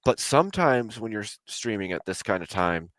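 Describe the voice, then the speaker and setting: Laid-back American man, low voice. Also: big pitch swings, normal speed, a bit bright, no echo. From United States. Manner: laid-back, rambling, lots of likes. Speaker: streamer. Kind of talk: casual late-night chat. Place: home streaming setup.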